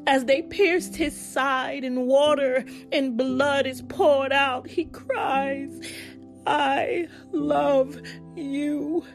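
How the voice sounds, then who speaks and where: A woman reciting a spoken-word devotional poem in a slow, solemn, intense way, repeating its refrains. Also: sits high, fairly even intonation, soft background music. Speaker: devotional poet.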